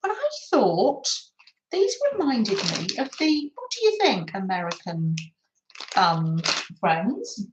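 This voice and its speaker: A woman's voice: mid-range voice, wildly swooping pitch, takes it slowly, dull audio, noisy background. Chatty, giggly woman in an echoey room. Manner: chatty, giggly, reads out viewer comments. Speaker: craft livestream host. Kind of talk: casual live chat with viewers. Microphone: phone.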